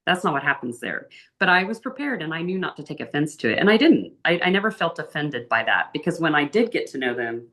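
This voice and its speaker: Low-voiced woman telling travel stories. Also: fast. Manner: chatty, animated storytelling with big pitch lifts. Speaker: interview guest. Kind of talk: casual interview storytelling.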